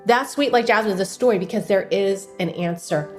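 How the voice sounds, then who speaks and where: A woman's voice: mid-range voice, fairly quick, soft background music. A woman guest author telling an emotional personal story of faith in a casual interview. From United States. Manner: animated, personal testimony with faith talk.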